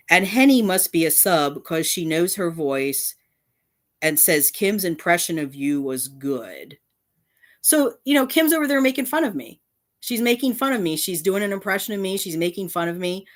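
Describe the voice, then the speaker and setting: A woman's voice: mid-range voice, fairly bright tone. A woman hosting her own channel, indignantly ranting in response to critics, reading out comments and swearing. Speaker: channel host. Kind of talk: angry response rant.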